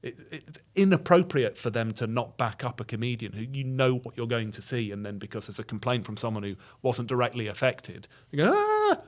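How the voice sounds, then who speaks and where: Comedy guy arguing his point, cuts in a lot, chatty podcast. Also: mid-range voice. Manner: opinionated, argumentative, quick to jump in. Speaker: comedy duo member, guest. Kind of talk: casual podcast chat.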